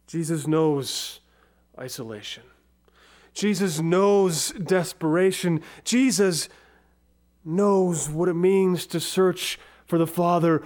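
A man preaching a sermon, slow and dramatic, his voice dropping to a near whisper on key words. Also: fairly high pitch, a little mellow. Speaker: pastor.

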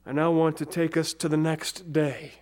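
A man preaching a sermon, slow and dramatic, his voice dropping to a near whisper on key words. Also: on the high side, level tone, a little mellow. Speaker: pastor.

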